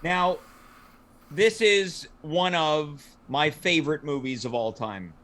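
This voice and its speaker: A man co-hosting a casual chat show, playful and quick to riff. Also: a little high, fairly bright tone. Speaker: co-host.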